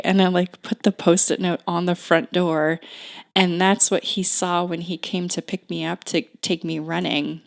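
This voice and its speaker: A woman in her thirties, a podcast guest sharing her own story in a conversation. Her voice sits a little low and has a gravelly fry to it. She talks slowly, with frequent "like" fillers and restarts. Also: steady tone.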